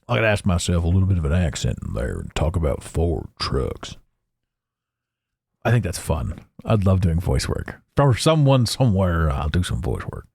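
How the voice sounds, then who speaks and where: A man hosts his own podcast in a blunt, profane, freewheeling monologue. His pitch swings widely as he talks. The sound is close and dry, with no room around it. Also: creaky, dry recording. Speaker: podcast host. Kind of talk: casual monologue.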